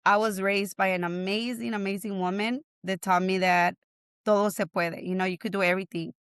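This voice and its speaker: A woman talks through her work in a smooth, resonant voice. She tells her stories energy and voices the people she quotes. The sound is dry and close, no room echo. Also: medium pitch, brisk. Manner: animated storytelling with laughs and acted-out quotes. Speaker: guest, family advocate. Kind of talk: casual interview conversation.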